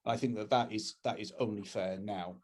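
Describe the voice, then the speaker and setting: English male campaigner, husky voice, opinionated webinar talk over a video call. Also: lowish voice, steady tone, fairly quick. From England. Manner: earnest and opinionated, with frequent restarts. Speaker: campaigns head speaking at a webinar. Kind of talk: political talk.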